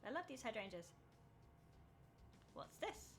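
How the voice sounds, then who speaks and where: A woman's voice: a little high, sing-song, measured pace, fairly bright tone, a little hiss or hum. A woman streaming a video game, chatting casually, laughing at herself and reading the game's text aloud. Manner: chatty and self-mocking, often laughing.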